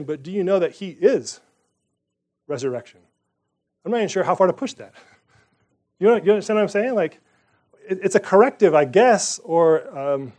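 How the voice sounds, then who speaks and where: A man preaching a sermon, his voice sitting a little on the high side. He talks to the congregation in an easy, conversational way and keeps asking them rhetorical questions. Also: darkish tone. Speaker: pastor.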